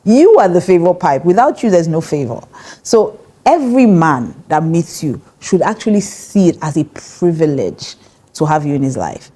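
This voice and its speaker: Low-voiced Nigerian woman pastor, emphatic. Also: sing-song, normal speed, dark tone. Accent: Nigerian English. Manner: emphatic, direct, laughs often. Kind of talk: conversational marriage teaching.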